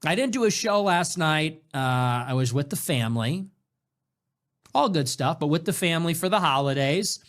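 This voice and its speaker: Man, show host, casual monologue, sarcastic, animated, fairly high pitch. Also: moderate pace. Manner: animated, sarcastic, swings between loud bursts and low mutters.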